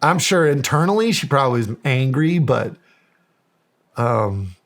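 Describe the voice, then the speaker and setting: A man's voice: medium pitch, sing-song, a little slow. A middle-aged American man telling a story in a podcast interview, acting out the quoted dialogue with animation. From United States. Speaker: guest, county sheriff.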